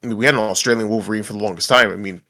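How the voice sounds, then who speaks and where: A man's voice: lowish voice, fairly even intonation, very fast, sharp tone. A man co-hosting a podcast, chatting casually and rambling with frequent laughs and restarts. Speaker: podcast co-host. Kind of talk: casual chat.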